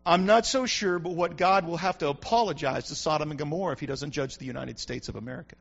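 A male pastor preaching an emphatic sermon that builds to shouts, recorded on a dull lo-fi recording. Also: a little high, fast, creaky. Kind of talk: fiery sermon.

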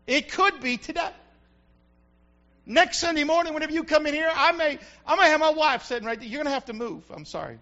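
A male pastor preaching a sermon in church, building to shouted peaks. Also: extremely high pitch, fast talker, few pauses, highs cut off.

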